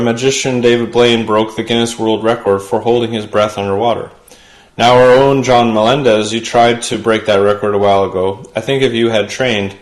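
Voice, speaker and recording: Brief: male late-night host, mid-pitched voice, punchy monologue delivery, roomy studio sound. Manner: punchy joke delivery, chatty asides. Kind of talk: comedy monologue.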